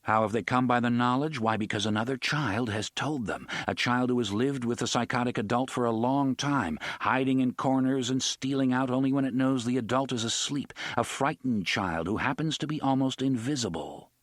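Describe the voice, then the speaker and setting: A man's voice: mid-range voice, normal speed, hardly any pauses, no room sound, clean studio sound. A man narrating an audiobook expressively, giving each character a voice of his own.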